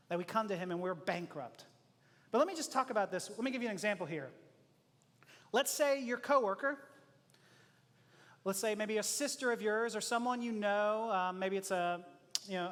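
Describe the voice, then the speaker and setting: A pastor with an unusually high male voice delivers a sermon in a loose, animated, conversational way, slipping into acted-out quotes and chuckling often. His voice rings with long reverb from a large church room. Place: church auditorium.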